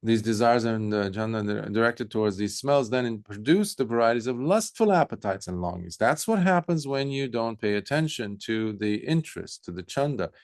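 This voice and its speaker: A man, a Buddhist monk, giving a relaxed dharma talk, telling stories with pauses and fillers. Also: lowish voice, dry recording, clean studio sound.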